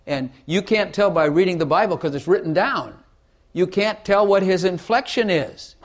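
A man explains Bible passages in a relaxed, chatty way, his voice sitting a bit on the high side. He is emphatic, repeats lines for effect and plays with his inflection to drive a point home. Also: moderate pace. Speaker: Bible teacher. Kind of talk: casual Bible teaching chat.

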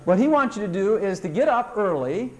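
An older man preaching a sermon to a congregation, animated and emphatic, rising into high tones as he acts out prayers. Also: fairly quick.

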